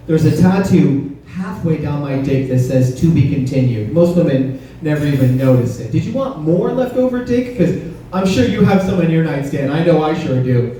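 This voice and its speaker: A man's voice: on the high side, expressive, moderate pace, warm tone. A man performing a stand-up comedy set on stage, teasing the crowd with a punchy, conversational delivery. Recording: roomy, distant club recording with faint noise.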